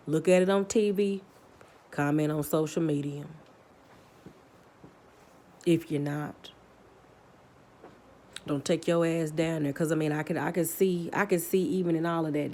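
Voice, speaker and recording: A woman's voice: sits low, dark tone, slight background noise. A woman vlogger in a heated, profane opinion rant, blunt and swearing constantly, often restarting her sentences as she gets worked up. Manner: repetitive restarts when worked up.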